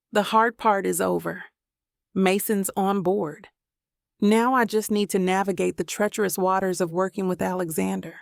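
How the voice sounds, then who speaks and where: Gravelly-voiced woman narrating an audiobook. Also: medium pitch, no room sound, clean studio sound. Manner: measured, introspective storytelling. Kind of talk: first-person romance audiobook narration.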